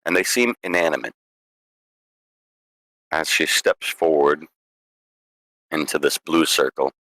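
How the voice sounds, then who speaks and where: A low-voiced man guiding players through a tabletop adventure as game master. His narration is calm and descriptive, recorded on a close, dry mic. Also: slow pace, no room sound.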